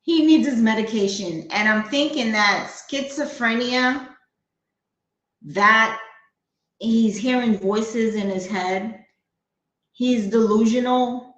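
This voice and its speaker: A woman's voice: medium pitch, a bit bright, reverberant, lo-fi sound. A woman from New giving blunt, skeptical commentary on a crime case during a live stream. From New York. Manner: blunt, skeptical, talks back at the clip.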